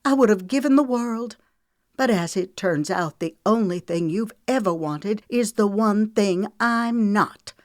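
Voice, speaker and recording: A woman's voice: mid-range voice, unhurried, no echo, studio quality, pitched above the performer's own voice, natural voice. A woman voicing a hurt, fiery young red-haired woman in an audiobook reading, speaking in a raised, heated tone. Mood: angry, tearful.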